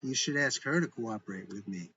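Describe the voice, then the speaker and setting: A man's voice: on the low side, animated, brisk, pushed and bright, dull audio, voice pushed down. A man voicing a stern, officious male federal agent who speaks curtly. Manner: curt, officious.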